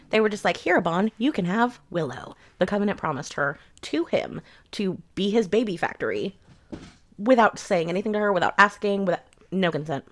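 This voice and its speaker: A young adult woman giving a rambling, sarcastic book review in a casual rant, swearing freely. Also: mid-range voice.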